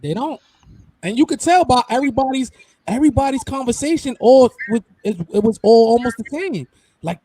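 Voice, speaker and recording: A man's voice: extremely high pitch, animated, fairly quick, mellow, husky. A man co-hosting a live stream, joking and chatting casually. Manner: laughing, joking banter. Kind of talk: casual chat.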